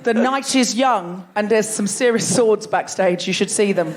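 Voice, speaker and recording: A woman's voice: medium pitch, moderate pace. A woman hosting a live comedy podcast on a theatre stage, bubbly and teasing, laughing as she banters with guests. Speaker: host.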